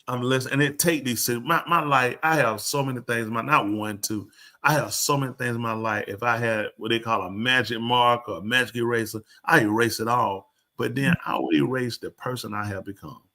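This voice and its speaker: A man's voice: medium pitch, moderate pace. An older man, a preacher, telling stories in casual talk and acting out dialogue in a raised voice. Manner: animated, acts out dialogue in raised voice.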